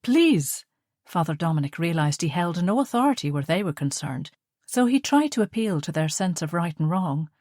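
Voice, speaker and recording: A woman reading audiobook narration in a measured, steady way on a close studio mic. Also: lowish voice, no echo.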